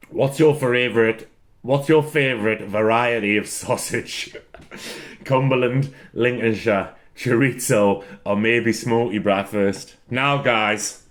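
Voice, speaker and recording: A wrestler casually answering fan questions alone, rambling, swearing freely and breaking into loud fits of laughter. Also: male voice, mid-range voice. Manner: rambling, repeats words for comic effect. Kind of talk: solo casual chat.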